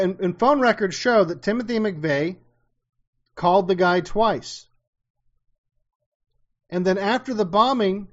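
A man hosting a casual chat, telling a story with sarcasm and casual swearing. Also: sits high. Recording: slightly dull lo-fi sound.

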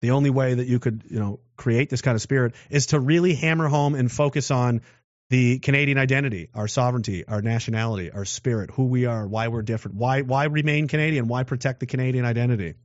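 A man's voice: mid-range voice, fairly even intonation, fast, no room sound. A man giving a casual monologue, rambling with restarts and rhetorical questions. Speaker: political commentator. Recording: dull lo-fi dry recording.

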